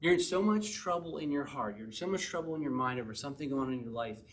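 A man's voice: medium pitch, animated, fast talker, slight background noise. A man preaching a sermon in a conversational way, often asking the listeners questions.

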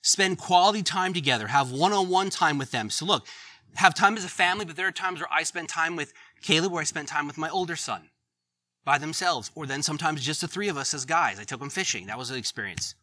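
Middle-aged male preacher, very bright tone, dry close sound, earnest and chatty. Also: on the high side, brisk, no room sound. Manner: conversational, earnest, laughs at his own stories. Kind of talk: sermon.

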